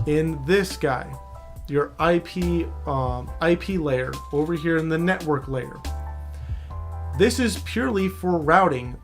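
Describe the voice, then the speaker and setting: A man casually explaining networking basics in a screen-share tutorial, often checking in with the viewer. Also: on the high side. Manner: casual, loose, talks to viewer directly with frequent "all right?". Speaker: cybersecurity instructor.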